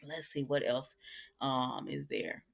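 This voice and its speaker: A woman's voice: rumbling low, slow, gravelly. A woman hosting a casual recap, chatty, retelling scenes and quoting the characters. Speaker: soap opera recap host.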